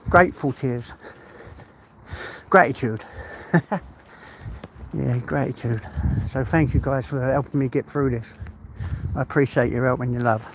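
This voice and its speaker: A man's voice: medium pitch, a little slow, pauses often, slight background noise, rough recording. An older man, chatting casually and heartfelt on a live stream, rambling and laughing often. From England.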